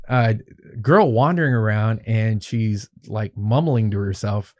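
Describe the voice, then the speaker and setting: A man telling a long, animated story as a podcast guest, swearing freely and acting out what people said. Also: lowish voice, measured pace. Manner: animated, profanity-laced, acts out quoted dialogue. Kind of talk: casual storytelling.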